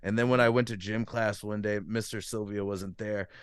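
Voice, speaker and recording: A man's voice: fairly low pitch, fairly even intonation, normal speed, smooth, no echo. A man co-hosting a podcast in casual chat, telling crude stories and cursing freely. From Massachusetts. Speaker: podcast co-host.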